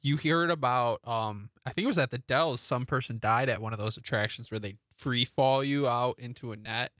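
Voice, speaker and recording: A man's voice: mid-range voice, moderate pace, a bit bright, dry recording, studio quality. A man, a radio show producer, chiming in dryly and cautiously during casual chat.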